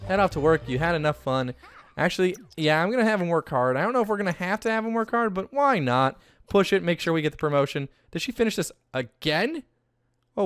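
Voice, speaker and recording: A gaming YouTuber offers casual, chatty let's-play commentary on a life-simulation game. When something good happens, he gets excited and his pitch jumps up.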